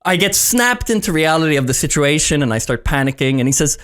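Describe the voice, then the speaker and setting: A man's voice: fairly high pitch, very animated, quick pace, fairly bright tone. A man on a casual podcast telling an embarrassing story, acting out the quoted lines and laughing often. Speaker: podcast co-host.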